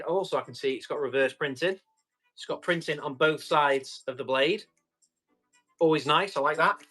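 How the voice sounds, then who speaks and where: His voice sits a little high and fairly bright. Selling tools on a live stream, he keeps up easygoing auction talk, replying to viewers and describing each piece while he tests it.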